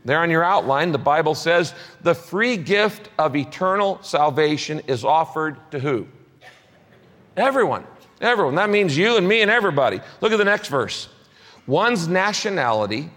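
A male pastor delivering a sermon with a fairly high voice for a man. He is emphatic and repeats key phrases, dropping soft and then rising again. The live recording carries a long reverb from the hall.

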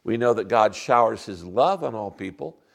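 Man, pastor, sermon, earnest, emphatic slowdowns. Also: on the low side, lively intonation, vocal fry. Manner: earnest preaching, slows down for emphasis.

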